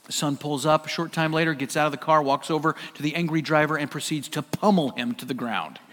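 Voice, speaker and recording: An American pastor preaches in a high, bright-toned voice, casual and joking but emphatic. His words carry a long reverb through the church sanctuary. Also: quick pace. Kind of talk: sermon.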